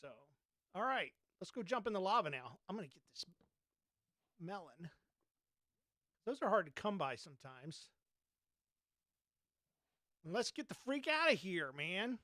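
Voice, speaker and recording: With a high-pitched, bright, forceful voice, this Georgia-born podcast host talks in a Southern Georgia accent, very animated but at a measured pace with frequent pauses. He offers casual gameplay commentary and tells a story in a folksy, chatty way, sprinkling in mild oaths. The recording is dry, with clean studio sound.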